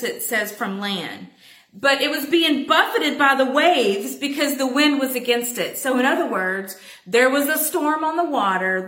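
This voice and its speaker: A woman teaching a Bible passage in a chatty, animated way, calling her listeners y'all. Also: sits high, reverberant.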